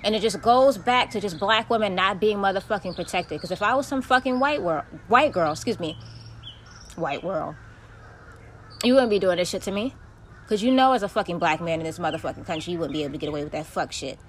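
Podcast host, woman, lower voice, swearing and venting hard, faint hiss behind. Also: lively intonation, a little fast. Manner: profane, venting, emphatic. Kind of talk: solo podcast monologue.

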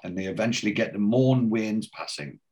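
A man's voice: on the low side, lively intonation, moderate pace, a little mellow. Chatty man retelling a story. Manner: chatty, acts out the lines. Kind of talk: casual retelling of a TV episode.

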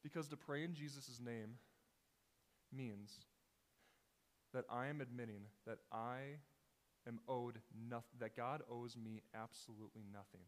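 A male pastor preaching a sermon with passion, firing rhetorical questions and swinging between hushed and loud. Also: mid-range voice, a little slow, long pauses. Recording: long reverb in a large hall.

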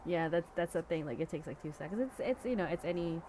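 Chatty low-pitched woman from the Philippines. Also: lively intonation, fast, warm tone, slight background noise. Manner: chatty, lots of "like" and restarts. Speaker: podcast co-host. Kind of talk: casual chat.

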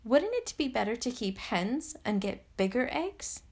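A woman's voice: fairly high pitch, big pitch swings, a little slow, a little mellow, breathy edge, full character voice. A woman voicing a curious little girl princess in a storybook reading, asking eager, wondering questions.

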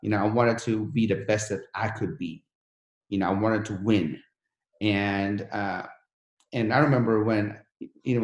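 A man's voice: on the low side, roomy sound. A man who came to the country as a refugee, telling his life story in an interview in an earnest, motivational way. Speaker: guest.

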